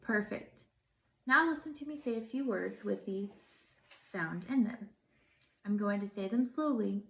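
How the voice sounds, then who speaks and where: A young woman, a pre-service teacher, leading a phonics lesson for young children, speaking slowly and encouragingly. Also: medium pitch, vocal fry. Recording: echoey room, dull lo-fi sound.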